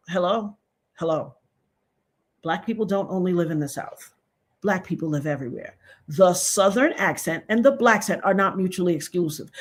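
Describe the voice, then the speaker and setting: A woman giving a sassy, emphatic commentary rant straight to her viewers, preaching at them. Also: fairly high pitch. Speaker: social media commentator.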